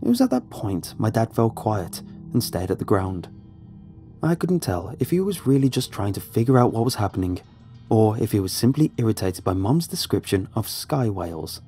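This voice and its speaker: A man narrating a first-person horror story in a measured, suspenseful way. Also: on the low side, sing-song, dark tone. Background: faint music.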